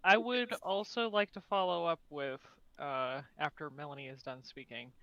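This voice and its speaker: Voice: medium pitch, fairly even intonation, moderate pace, pushed and bright, no room sound. A player in a casual tabletop game who talks in a joking, exasperated way. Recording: dull, dry sound.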